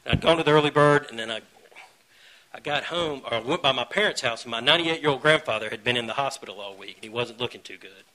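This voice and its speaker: Earnest, bright-voiced man. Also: mid-range voice, fast, rough recording. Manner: earnest, self-mocking humor with sudden loud bursts. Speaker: speaker sharing at a recovery meeting. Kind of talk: recovery meeting share. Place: meeting room.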